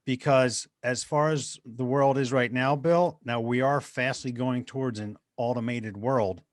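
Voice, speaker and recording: A man's voice: medium pitch, steady tone, a little slow, no echo, clean studio sound. A middle-aged man, a guest motivational speaker, telling personal stories in an earnest, conversational interview style. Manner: earnest, anecdotal, addresses host by name.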